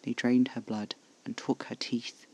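A man doing a terse, gravelly vampire. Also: mid-range voice, flat delivery, unhurried, darkish tone. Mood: anguished. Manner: clipped, terse, intense.

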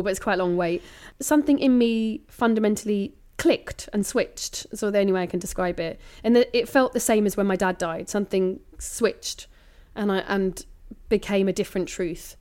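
A comedian in her thirties speaks candidly and reflectively in an interview, frequently lively and laughing. Her voice is mid-range.

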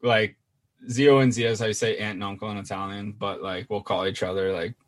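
A man's voice: lowish voice, level tone, brisk. A young man with a Canadian accent, co-hosting a podcast and telling stories in a laid-back, casual way. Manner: laid-back storytelling, swears, lots of fillers. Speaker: podcast co-host. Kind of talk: casual chat.

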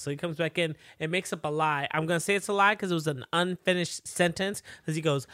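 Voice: medium pitch, steady tone, brisk, few pauses, a bit bright. A podcast co-host in casual chat, laughing often and mimicking phone menus.

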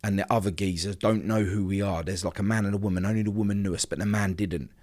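Low-pitched, darkish in tone and fast-talking with fairly even intonation, this podcast guest shares an emotional personal story. He's a vivid storyteller who performs the quoted dialogue of the other people involved.

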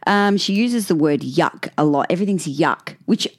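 A woman's voice: lowish voice, lively intonation, normal speed. A woman co-hosting a casual chat, blunt, crude and jokey. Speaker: podcast co-host.

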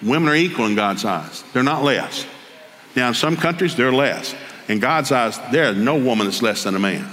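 An older man with a Southern drawl delivers a sermon as a comic storyteller, his pitch leaping up and down as he tells it. His voice rings through a large hall with a long tail of reverb. Faint room ambience hangs behind him. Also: moderate pace, slight background noise. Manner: animated storyteller, jumps to high excited voices for quoted people. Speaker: preacher.

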